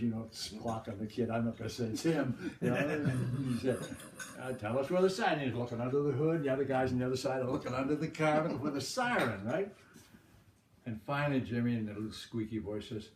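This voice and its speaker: A man's voice: mid-range voice, brisk. An older man from the Boston area telling anecdotes in a chuckling, rambling, folksy way. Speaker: storyteller. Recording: roomy, distant mic, background noise.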